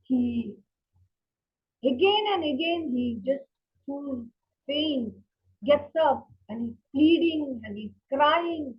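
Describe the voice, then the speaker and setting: A woman telling a story to a children's class, lively with many fillers and restarts, in a dull lo-fi recording. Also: high-pitched, slow.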